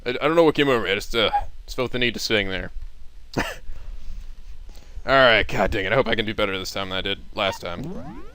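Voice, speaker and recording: A man's voice: fairly low pitch, fairly quick, long pauses, sharp tone, clear, resonant tone, no echo. A man hosting a video game let's play, reading the game's text with dramatic flair and commenting casually, swearing and laughing.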